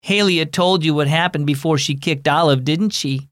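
A man voicing a calm, gently firm mother in a children's audio story, using a raised, soft motherly tone. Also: a little high, normal speed, dry recording, studio quality, natural voice. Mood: gentle.

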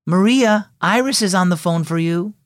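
A man's voice: sits high, moderate pace, dry recording, clean studio sound, pitched above the performer's own voice, close to an everyday voice. A man doing a caring, patient mom. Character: kind, patient mother.

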